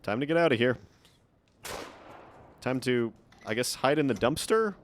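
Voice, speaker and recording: A man's voice: medium pitch, lively intonation, a little slow, a little hiss or hum. A man streaming live gameplay, chatting and muttering to himself with frequent swearing.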